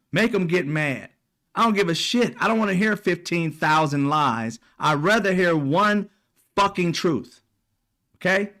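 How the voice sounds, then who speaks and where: A heated man delivering a solo opinion rant. His voice sits high for a man, and he talks bluntly and swears freely. The tone is confrontational and insistent. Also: fairly bright tone. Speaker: commentary channel host. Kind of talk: ranting opinion monologue.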